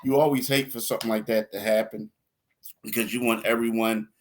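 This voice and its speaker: A man's voice: fairly low pitch, fairly even intonation, a little fast, a little hiss or hum. A man co-hosting a sports podcast, talking in a loose, rambling way with repeated words and some laughter. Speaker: podcast co-host. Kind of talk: casual sports podcast talk.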